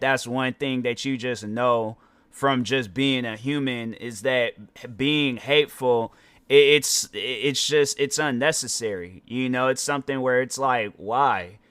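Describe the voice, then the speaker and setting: A man's voice: mid-range voice, measured pace, fairly bright tone, clear, resonant tone, no room sound. A tired young man hosting his own podcast, talking casually and rambling, often stumbling over his words. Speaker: podcast host. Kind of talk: casual solo podcast monologue.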